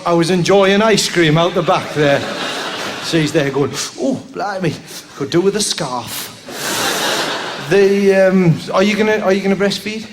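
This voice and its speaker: High-voiced comic riffing with a crowd. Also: male voice. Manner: rambling, bursts into high squeals and silly voices. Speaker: stand-up comedian. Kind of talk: stand-up crowd work. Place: theatre stage. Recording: live show recording with noise behind.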